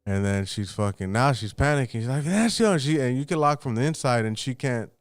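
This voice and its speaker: A man's voice: medium pitch, brisk, smooth, dry recording. A man casually telling a personal story on a podcast, loose and profane, acting out what his relatives said.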